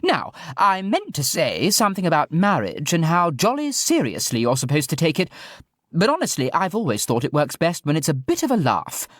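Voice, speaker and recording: A man voicing a loud, posh, flamboyant older woman who officiates a wedding with theatrical, irreverent glee. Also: wildly swooping pitch, moderate pace, no echo, exaggerated voice. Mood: grandly jolly. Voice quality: plummy upper-class delivery. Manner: booming, theatrical, gleefully outrageous. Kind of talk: audiobook character voice.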